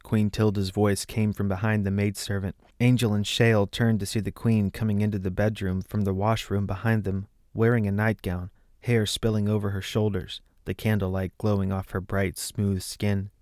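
A man narrating a fantasy story as an audiobook in a measured, steady way. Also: fairly low pitch, dry recording, clean studio sound.

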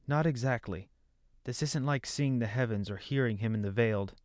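A man voicing a wary, secretive male king's servant in a lowered, confiding voice. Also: moderate pace, a little mellow, no room sound, clean studio sound, natural voice.

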